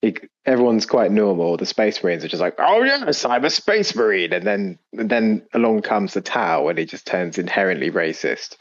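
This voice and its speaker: A man appearing as a podcast guest, chatting in a jokey, lively way. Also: deep voice, fairly quick, few pauses, no room sound, muffled recording. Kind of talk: casual chat.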